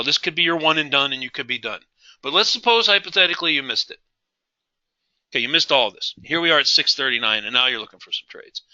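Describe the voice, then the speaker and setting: A man's voice: a little high, pushed and bright, dry recording, highs cut off. A man teaching a live trading class, emphatic, repeating key phrases and asking his audience questions. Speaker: trading instructor.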